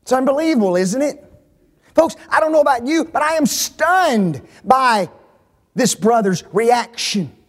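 A man preaching a sermon in a high, animated voice. He swings from hushed asides to shouted emphasis. He keeps pressing the congregation with rhetorical questions. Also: unhurried.

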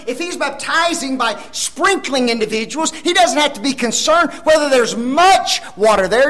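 High-pitched guy preaching slow and deliberate, loud then soft, lots of "does it not?". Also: low-quality recording. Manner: emphatic, rhetorical questions, swings from loud to soft. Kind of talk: sermon.

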